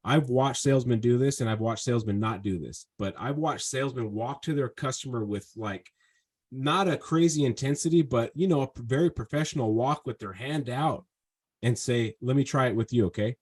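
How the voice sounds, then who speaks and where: A man's voice: medium pitch, normal speed, a little mellow, slightly rough. A man running a one-on-one sales coaching session over a video call, talking in long, emphatic, persuasive runs. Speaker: sales trainer and podcast host.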